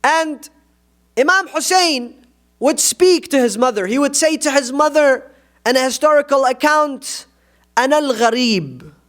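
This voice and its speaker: Male preacher, very high voice, fervent sermon delivery, presses the hall with rhetorical questions. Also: a little slow, a bit bright. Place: mosque.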